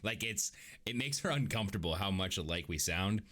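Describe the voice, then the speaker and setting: A man's voice: low-pitched, lively intonation, a little fast, a bit bright. A man co-hosting a casual livestreamed podcast from home, joking, swearing and laughing often as he rambles. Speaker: podcast co-host. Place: home room on webcam.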